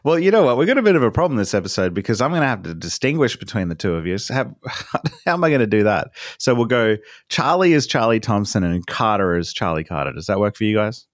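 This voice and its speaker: An upbeat Australian man hosts a podcast in a relaxed, chatty way, laughing easily. His voice sits on the lower side and sounds close and dry, with no room around it. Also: fast, dry recording. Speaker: podcast host. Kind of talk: casual podcast chat.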